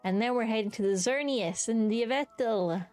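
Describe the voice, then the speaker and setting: A young woman streams from home, chatting casually and excitedly while ranking creatures, swearing freely and hiccuping along the way. Her voice is a little high with a darkish tone, at a moderate pace, and faint music plays behind her.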